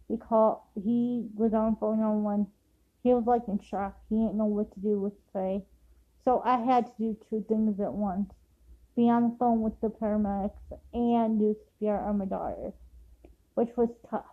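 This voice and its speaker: A grieving mother telling a personal story to camera in a raw, emotional way, sometimes rushing her words. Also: medium pitch, steady tone, phone-quality sound. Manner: raw, emotional retelling, rushed bursts.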